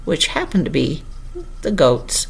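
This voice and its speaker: A woman narrating a classic storybook aloud as an audiobook, in an expressive, unhurried manner. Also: low-pitched, gravelly, breathy edge. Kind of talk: audiobook reading.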